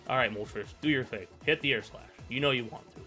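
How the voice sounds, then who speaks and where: A young man commenting on his own online game battle in a casual play-by-play, with fillers, often erupting into loud, frustrated yelling. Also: medium pitch, a little fast, faint music behind. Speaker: gaming YouTuber.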